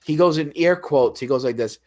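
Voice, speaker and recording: A man's voice: on the high side, brisk, a little mellow. A man in casual chat, telling a story in a profane, ranting way. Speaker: guest telling his story.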